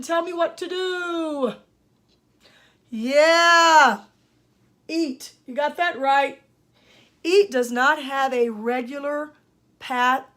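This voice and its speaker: Older female speech therapist, high voice, emphatic teacherly delivery. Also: fairly bright tone. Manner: emphatic, teacherly, addresses parents and students directly. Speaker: speech-language pathologist. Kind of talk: instructional lesson talk.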